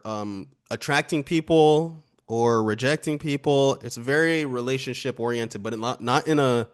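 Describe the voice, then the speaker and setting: Guy cohosting a music review, laid back and chatty, laughs a lot. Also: medium pitch. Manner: relaxed, chatty, laughs often, reads lyrics aloud. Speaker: album review co-host. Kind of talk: casual music review chat.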